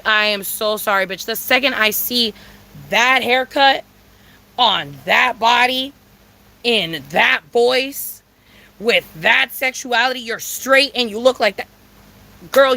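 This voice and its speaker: Woman, storytime rant, bright tense tone, higher pitch, blunt, profane, repetitive. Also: poor audio. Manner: animated, with sudden loud outbursts. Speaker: vlogger telling a story.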